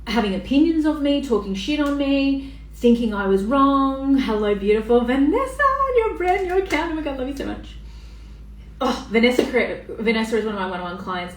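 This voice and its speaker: A woman, talking casually on a live stream as a coach, swearing freely and greeting viewers by name. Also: fairly high pitch. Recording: echoey room, voice a bit far off.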